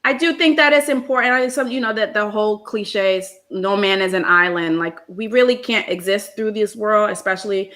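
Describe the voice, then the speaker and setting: A woman's voice: mid-range voice, normal speed, hardly any pauses, fairly bright tone. A woman hosting a casual heartfelt chat, talking in an earnest, reflective way with lots of ums. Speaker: host.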